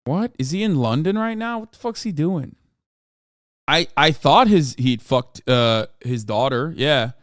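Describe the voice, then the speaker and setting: A man's voice: fairly high pitch, expressive, unhurried, a bit bright, no echo, studio quality. A man hosting a casual live-stream reaction, talking bluntly with lots of swearing and incredulous outbursts. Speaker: streamer host.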